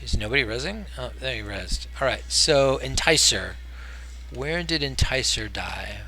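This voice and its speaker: A man's voice: mid-range voice, lively intonation, unhurried. A man with an American accent chatting casually while streaming a game, rambling and then breaking into exasperated outbursts. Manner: rambling, swings between mumbling and loud exasperated outbursts.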